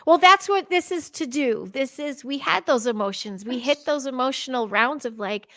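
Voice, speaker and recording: Bright-voiced woman telling her recovery story. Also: high-pitched, normal speed, dry recording. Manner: open, animated storytelling with laughs. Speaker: co-host. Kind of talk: candid personal recovery talk.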